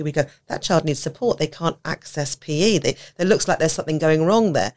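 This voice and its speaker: A woman talking on a podcast about teaching, animated, often acting out quoted voices and laughing. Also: deep voice, brisk, hardly any pauses. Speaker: podcast guest, autism educator. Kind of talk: conversational podcast talk.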